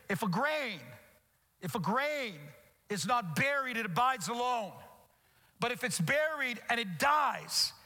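A man's voice: very high-pitched, bright, forceful tone. A man pastor preaching a sermon earnestly, often repeating and restarting his phrases. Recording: echoey hall with long reverb.

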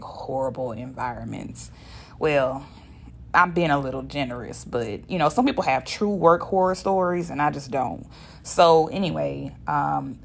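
A woman's voice: deep voice, gravelly, slight background noise. A woman, hosting a podcast as a blunt, profane solo monologue. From Shreveport, Louisiana, US. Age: 30s. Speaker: podcast host.

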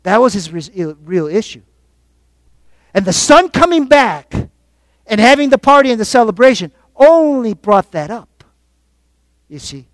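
High-voiced man preaching a sermon. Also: big pitch swings, unhurried, long pauses, no echo. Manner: call-and-response preaching, rising and falling in force. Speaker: pastor.

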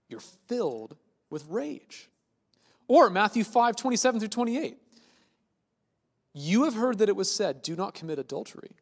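A man preaching a sermon in a lively, conversational way, often dropping quiet for emphasis. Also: a little high, big-room sound.

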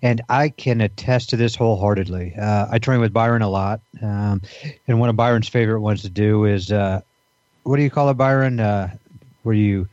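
A man's voice: fairly low pitch, normal speed, a little mellow, no echo, lo-fi sound. A man co-hosting a podcast in casual banter, rambling with many fillers and restarts. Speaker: podcast co-host.

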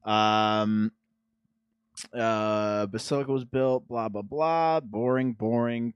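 A man's voice: fairly low pitch, slow, clear, resonant tone, dry recording. A man hosting a podcast, ranting sarcastically in casual chat. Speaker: podcast host.

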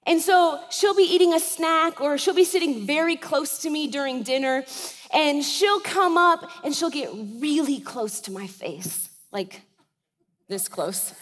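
A woman pastor in her thirties with a high voice, preaching a sermon in a chatty style and asking the congregation to agree as she goes. Her voice carries the long reverb of a big church sanctuary. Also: lively intonation, measured pace, a bit bright. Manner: conversational preaching, checks in with the congregation.

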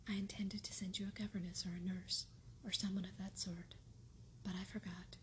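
Brief: woman whispering a fretful, unhappy guardian; whispered role-play, even and level, faint hiss behind. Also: mid-range voice, moderate pace, close to an everyday voice. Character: weary, troubled middle-aged male guardian.

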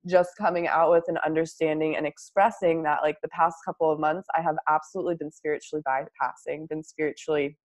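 Low-voiced reflective woman. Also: fairly even intonation, a little fast, few pauses. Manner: affirming, reflective. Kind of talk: casual spiritual chat.

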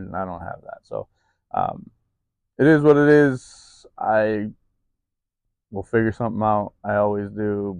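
Recorded outdoors in the cold with no echo, this male vlogger has a clean-toned voice on the low side. He speaks candidly in his personal vlog, rambling and confessing with plenty of ums and restarts.

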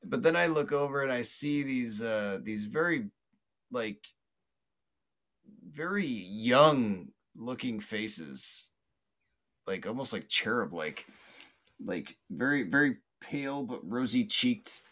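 A man's voice: lively intonation, takes it slowly. A man hosting a podcast, telling a story casually with many fillers and restarts, often laughing and acting out the voices of others. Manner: acts out quoted voices loudly and higher. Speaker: podcast host.

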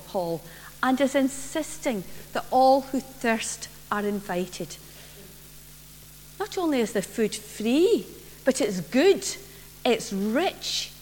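A woman minister preaches slowly and gently, her voice a touch high. It carries a long church reverb, and a faint hum sits underneath. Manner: measured, gentle storytelling. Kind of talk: sermon with children's story.

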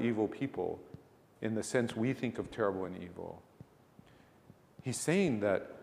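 A male pastor preaching in a plain, conversational way, leaning on rhetorical questions and emphatic points. His voice sits at an ordinary middle pitch for a man. The sound carries a long, lingering reverb, like a large church hall. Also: vocal fry, darkish tone. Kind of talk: sermon.

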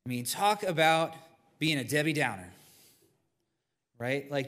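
Man, pastor, sermon, conversational, slightly high voice, long hall reverb. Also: sing-song, normal speed, long pauses, a bit bright. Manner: conversational, with asides to the congregation. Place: church sanctuary.

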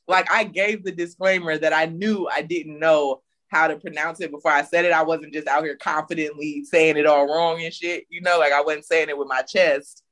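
A young man chatting casually as a podcast co-host, his voice sitting a little higher than most men's. He tells stories in a loose, self-mocking way, with plenty of asides. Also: fairly even intonation, moderate pace, few pauses, fairly bright tone. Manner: laid-back storytelling with frequent laughs and self-mocking asides. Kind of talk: casual chat.

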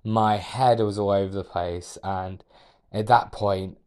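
A young man, a podcast guest, telling a personal story in a measured, reflective way with hesitant restarts. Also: fairly low pitch, steady tone, a little mellow. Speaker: podcast guest, architectural designer.

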